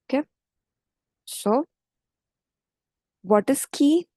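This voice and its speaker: A woman's voice: high-pitched, animated, very slow, dark tone, no room sound, rough recording. A woman teaching French grammar in a patient, step-by-step way, often checking in with "okay". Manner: patient, explains step by step with frequent okays. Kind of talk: online language lesson.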